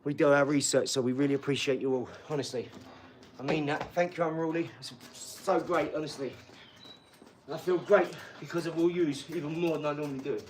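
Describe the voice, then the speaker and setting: A man's voice: fairly high pitch, steady tone, brisk, a little hiss or hum. A man hosting a casual live stream from his garage, talking in a hyped, slangy way and calling his viewers "dog" and "mate". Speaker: livestream host. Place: home garage.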